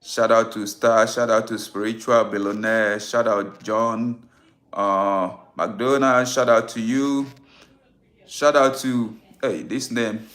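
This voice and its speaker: Slow-talking man hosting a spiritual livestream. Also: on the low side, steady tone, a bit bright. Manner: slow and unhurried, greets viewers by name, repeats phrases. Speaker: spiritual live-stream host. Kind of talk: casual live-stream talk.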